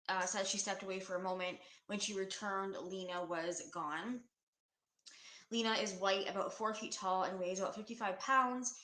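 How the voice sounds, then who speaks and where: A woman doing a psychic reading on a case, speaking earnestly with many pauses and fillers. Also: medium pitch, a bit bright. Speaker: psychic true-crime reader. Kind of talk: recorded video reading. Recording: echoey room.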